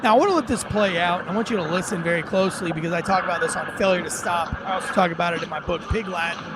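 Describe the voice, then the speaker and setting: A man's voice: high-pitched, rapid-fire, very noisy. A man hosting an online news commentary show, talking in a brash, conversational way with crude slang and asides. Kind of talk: casual political commentary.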